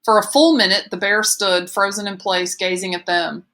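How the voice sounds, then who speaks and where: A woman narrates a novel with steady, measured pacing. Her voice is bright and forward, and her delivery stays even and plainly readerly. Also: medium pitch. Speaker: audiobook reader. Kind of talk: scripted narration.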